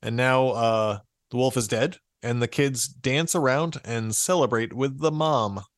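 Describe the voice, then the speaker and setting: A man's voice: medium pitch, measured pace, dry recording, studio quality. A man co-hosting a podcast, casually retelling a fairy tale and laughing often as he reads. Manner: amused, laughs often while reading. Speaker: podcast co-host.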